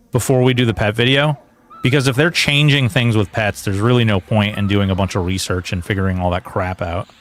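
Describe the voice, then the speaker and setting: A man's voice: medium pitch, fairly bright tone. A man streaming a game, chatting casually in a rambling, joking way and slipping into mock outrage. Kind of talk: casual gameplay commentary.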